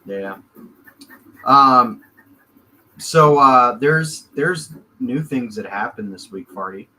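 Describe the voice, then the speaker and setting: An American man co-hosts a casual chat show from a room at home filled with 3D printers, rambling easygoing talk with lots of fillers. His medium-pitched voice is animated, slow, pushed and bright, and the audio quality is poor.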